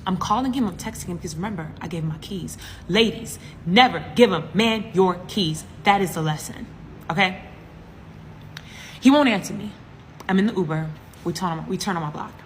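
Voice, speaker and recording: A woman from the US East Coast with a fairly low voice, telling a comic story with big drama and asides to the listeners. A faint noise sits under her voice. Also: fairly quick. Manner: animated, dramatic, with asides to the audience. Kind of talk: comedic story time.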